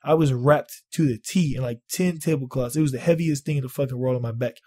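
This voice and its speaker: A man vlogging, telling a story in casual, profane talk, animated and exaggerating. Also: mid-range voice, quick pace. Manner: animated, swears a lot, exaggerates.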